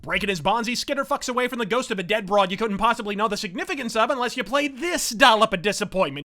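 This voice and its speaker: High-voiced man ranting sarcastically. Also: quick pace, sharp tone. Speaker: film reviewer host. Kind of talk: comedic rant film review.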